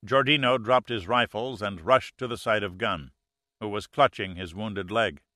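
Male audiobook narrator, bright tone, dry close recording, steady measured delivery. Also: fairly low pitch, no echo. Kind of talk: scripted narration.

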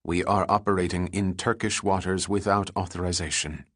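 A man voicing a stern male commando officer with a crisp, clipped Hebrew accent, speaking slowly and with command. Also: low-pitched, fairly even intonation, a bit bright, no echo, clean studio sound.

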